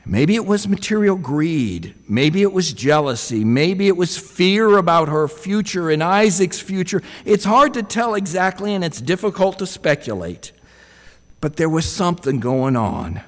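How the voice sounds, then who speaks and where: A man's voice: fairly high pitch, sing-song, measured pace, long reverb tail. A man preaching a sermon in a reflective way, often putting rhetorical questions to his listeners.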